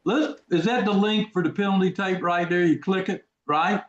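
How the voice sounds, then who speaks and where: A man's voice: high voice, steady tone, normal speed. A man hosting a casual live trading webinar, folksy and repetitive, who quizzes his audience. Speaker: trading course host. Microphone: video call. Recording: echoey, dull lo-fi audio.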